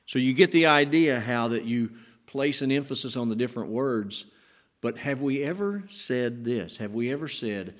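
A male pastor delivering a sermon with an even, mid-pitched voice. He leans hard into his emphatic lines and then drops to slow, hushed phrases to stress key words. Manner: emphatic, dynamic delivery with rising and hushed passages.

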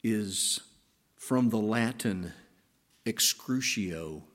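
With a fairly low pitch, a man preaching as pastor stresses key words by swinging from hushed, slow phrasing into emphatic, rising passages.

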